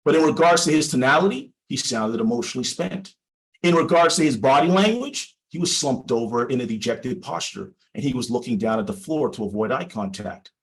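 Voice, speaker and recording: A man delivers a prepared teaching talk to fellow legal professionals at a mid-range pitch. He speaks in a measured, deliberate way and leans on emphatic pauses. His tone is explanatory and instructive. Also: lively intonation, rough recording. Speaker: personal injury lawyer. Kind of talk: prepared presentation for a legal audience.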